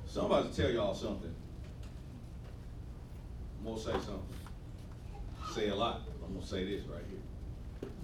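A man preaching a sermon in a church, casual and slangy, swinging from quiet talk to loud shouting and calling on the congregation to respond. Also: on the low side, normal speed, long pauses, roomy sound, recorded from a distance, background noise. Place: church sanctuary.

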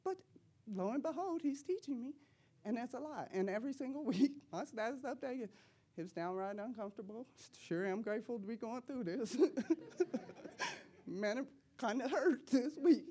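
Animated woman preaching a testimony. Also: on the high side, slightly rough. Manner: animated and emphatic, laughing often between lines; casual, slangy preaching talk. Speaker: church speaker. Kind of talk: personal testimony sermon.

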